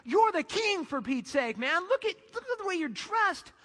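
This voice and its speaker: A king's wife scolds her husband, her voice pitched high and incredulous with a bright, sharp edge, as a preacher puts her on. The sound rings with a long hall echo. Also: big pitch swings, normal speed, heavily acted. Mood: scolding. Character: scolding royal wife, shocked and exasperated.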